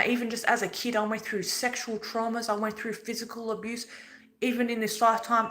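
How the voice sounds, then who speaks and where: A woman's voice: medium pitch, pushed and bright, low-quality recording. A woman giving an earnest, preachy spiritual talk in a casual way, swearing now and then. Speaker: spiritual vlogger.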